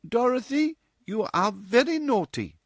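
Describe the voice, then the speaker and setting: A man voicing a gentle, proper older mother who speaks slowly and earnestly. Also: high voice, big pitch swings, gravelly, no echo, studio quality, voice pushed up, full character voice. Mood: gently reproving. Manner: slow, earnest, mildly reproving.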